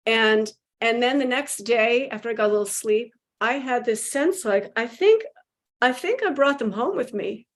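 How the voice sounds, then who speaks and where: A woman guest telling a spiritual story with animated emotion, acting out quotes and laughing. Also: a little high, normal speed.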